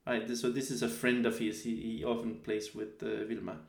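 A man in his thirties giving a relaxed spoken lecture, often hesitating with fillers and restarts. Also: lowish voice, moderate pace, vocal fry, reverberant. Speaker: teacher.

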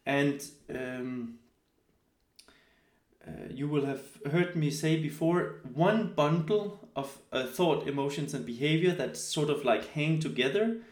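A man in his thirties giving a relaxed spoken lecture, often hesitating with fillers and restarts. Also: a little high, reverberant. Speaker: teacher.

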